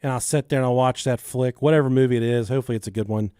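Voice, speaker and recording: A male podcast co-host spins loud, crude anecdotes full of swearing and his own laughter. His voice sits in a middle range and the recording is dry and close. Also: mid-range voice, fairly even intonation, rapid-fire, clear, resonant tone, no echo. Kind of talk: crude casual banter.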